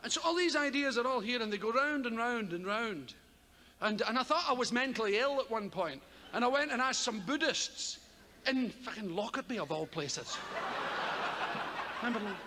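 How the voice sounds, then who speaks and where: A man's voice: very high-pitched, animated, moderate pace. An older man with a Scottish accent doing rambling, profane stand-up comedy on a theatre stage, often laughing as he talks. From Scotland. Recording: live theatre, long reverb, audience noise.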